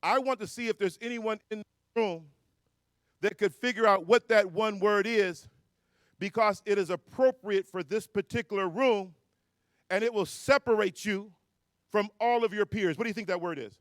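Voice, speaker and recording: A man giving a motivational speech to a crowd at a live event, playful and slangy, shouting and counting off the audience. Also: sits high, normal speed, no echo, studio quality. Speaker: motivational speaker at a youth conference. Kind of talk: motivational speech with call-and-response. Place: hotel ballroom at a live event.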